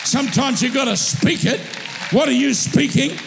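A male pastor preaching a sermon, impassioned, swinging from shouted declarations to slow, drawn-out teaching, in a church hall with a long echo. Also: extremely high pitch, vocal fry, music in the background, a crowd in the background. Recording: echoey hall reverb.

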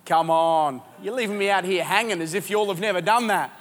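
Male pastor, live sermon, very high voice, animated storytelling, church auditorium. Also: quick pace. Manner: animated, jokey storytelling with lots of restarts. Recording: long hall reverb.

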